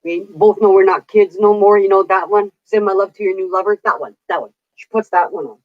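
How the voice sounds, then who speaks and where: A woman's voice: medium pitch, a little fast, narrow, tinny audio. A middle-aged woman telling stories in casual chat, chatty, laughing often and swearing casually. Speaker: vlogger.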